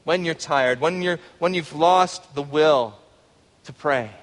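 A male pastor delivers an impassioned sermon, his voice sitting a little high for a man. He moves between quiet, earnest reflection and loud, pleading passages. Long reverb trails each phrase as if in a large church hall. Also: slow. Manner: impassioned preaching, rising to pleading cries.

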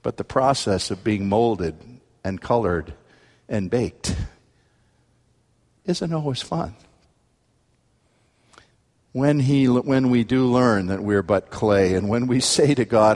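A male pastor preaching a sermon, earnest, his voice climbing sharply in pitch and force when he presses a point. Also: a little slow, darkish tone, in a large hall.

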